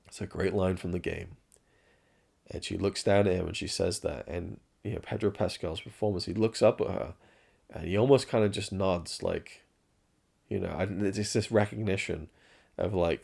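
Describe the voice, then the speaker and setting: A man's voice: low-pitched, moderate pace, gravelly, a little mellow, slightly rough. A man giving a rambling, frank spoken review of a show, swearing freely and restarting his sentences often.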